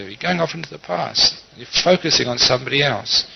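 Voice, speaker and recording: Man, Buddhist monk, dharma talk, gentle conversational teaching, mid pitch, dull lo-fi recording. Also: lively intonation, brisk, vocal fry, few pauses, a little hiss or hum.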